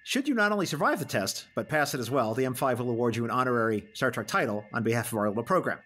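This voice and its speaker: A man's voice: mid-range voice, animated, quick pace, pushed and bright. A man hosting a podcast interview, playfully announcing a mock game-show quiz in a theatrical way. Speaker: podcast host.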